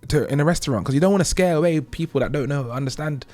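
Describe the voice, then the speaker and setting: A man from the UK hosting his own show, delivering an emphatic, preachy monologue that keeps checking in with "okay?" and jumps higher and louder on key points. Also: rapid-fire, faint music behind. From United Kingdom. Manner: rising to loud high emphasis on key points. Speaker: host. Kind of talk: opinionated monologue.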